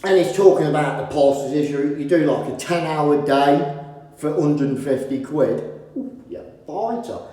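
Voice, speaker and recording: A man's voice: on the high side, expressive, moderate pace, mellow, distant mic. A British man, a decorator vlogger, telling a rambling, wry story in casual chat. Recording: very echoey room with long reverb.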